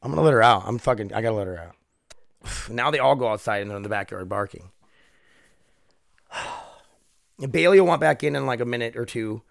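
Gravelly man rambling on a podcast. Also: medium pitch, animated, a little fast, long pauses, no echo, studio quality. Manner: rambling, profane, laughs often. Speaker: podcast host. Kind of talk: casual solo podcast chat. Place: home.

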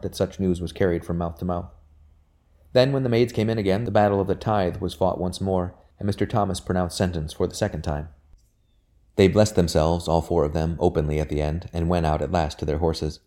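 A man narrating a novel chapter as an audiobook in a measured, steady way. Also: deep voice.

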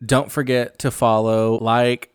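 A man's voice: medium pitch, little pitch movement, slow, clean tone, no echo, studio quality. A man hosting a casual recap podcast, talking in a blunt, sassy way and swearing freely. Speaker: podcast host.

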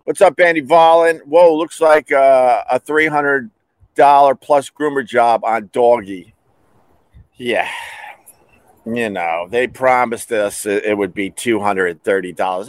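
A man hosting a casual comedic monologue, talking animatedly and breaking into shouted bits. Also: medium pitch, a little slow, dry recording. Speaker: host.

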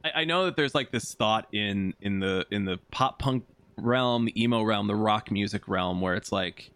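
A man's voice: fairly low pitch, moderate pace, fairly bright tone, smooth, no echo. A man hosting a podcast, asking rambling questions in a loose, casual way. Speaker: podcast host. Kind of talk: casual interview chat.

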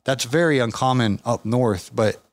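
A man hosting a casual interview, telling stories in a lively way and acting out other people's lines. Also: mid-range voice, moderate pace, dry recording. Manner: animated storyteller, does voices in anecdotes. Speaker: podcast host.

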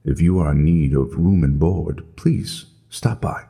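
A man voicing a formal, slow-spoken old-fashioned gentleman who is quietly unsettling. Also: rumbling low, gravelly, breathy edge, pitched below the performer's own voice, heavily acted. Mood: courtly. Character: courtly old-timey gentleman, smooth and unsettling.

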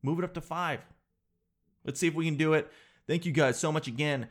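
A man's voice: a little high, a little fast. A man, hosting a daily show in a casual, rambling monologue full of self-mocking jokes. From Canada.

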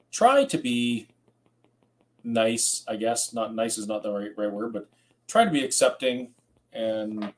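A man's voice: fairly low pitch, poor audio. A tired man hosting a rambling late-night livestream, reading out viewer comments and chatting casually. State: tired, yawning. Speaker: host.

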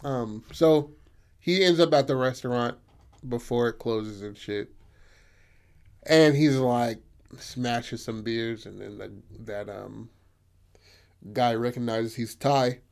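A man's voice: medium pitch, takes it slowly, gravelly, pauses often, a little mellow, clean tone. A young man hosting a podcast, casually retelling a story with lots of swearing and fillers like "you know what I mean". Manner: loose, profane retelling with many fillers. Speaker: podcast host.

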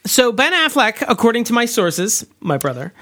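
A man's voice: extremely high pitch, very animated, normal speed, bright, forceful tone. A man co-hosting a podcast in casual chat, sardonic and giggly with wry asides. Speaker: podcast co-host.

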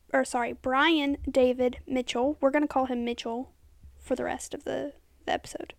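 A young woman hosting a podcast, telling a true crime story casually, full of "like" fillers and often falling to a soft half-whisper. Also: high voice, gravelly, no room sound, clean studio sound. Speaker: podcast host.

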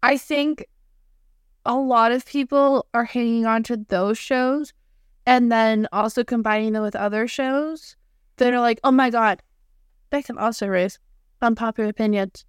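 Chatty young woman, high smooth voice. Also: normal speed, no room sound, clean studio sound. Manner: chatty, animated, quotes herself in voices. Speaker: podcast co-host. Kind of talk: casual chat.

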